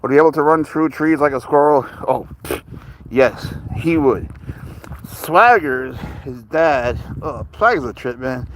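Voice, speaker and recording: A man's voice: medium pitch, fairly bright tone, slight background noise, poor audio. Older male streamer, rambling and chatty, reads chat comments aloud in a casual livestream. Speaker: livestreamer with a pet cat.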